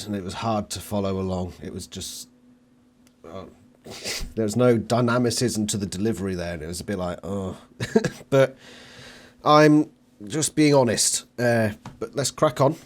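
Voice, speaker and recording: A man's voice: lowish voice, unhurried. A man hosts a reaction video, offering casual, frank commentary. He talks chattily, often restarting his sentences as he gathers his thoughts.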